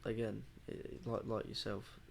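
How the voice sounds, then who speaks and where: A man's voice: lowish voice, level tone, moderate pace, gravelly, a little hiss or hum. A tired man co-hosting a podcast, talking hesitantly with many ums and restarts. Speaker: podcast co-host. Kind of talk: casual late-night chat.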